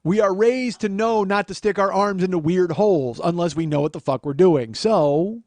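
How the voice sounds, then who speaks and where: A man's voice: high-pitched, moderate pace, darkish tone, no echo. A man hosting a comedy podcast, telling a story as an exasperated, profane monologue. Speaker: podcast host.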